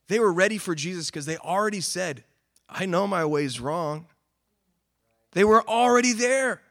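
Guy preaching, kinda high voice, earnest, gets loud then goes real quiet. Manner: earnest, rising to emphatic calls then dropping quiet. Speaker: pastor. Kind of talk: sermon.

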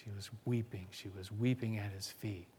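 A man's voice: lowish voice, steady tone, normal speed, darkish tone, slight background noise. A man preaching a sermon as pastor, earnest, reading scripture aloud and often restarting his phrases.

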